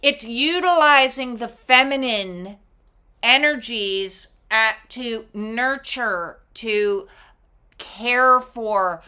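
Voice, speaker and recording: Woman, oracle card reader, slow pace, bright tone, reflective, expressive. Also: on the high side, clear, resonant tone. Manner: reflective, expressive, with casual swearing. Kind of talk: casual spiritual card reading.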